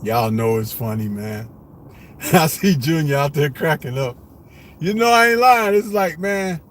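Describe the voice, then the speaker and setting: Middle-aged guy on a live stream, talks slow, cusses and cracks up a lot, riding in a car. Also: a little high, animated, slight background noise. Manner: laughs often, slangy and profane. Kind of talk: casual live-stream chat.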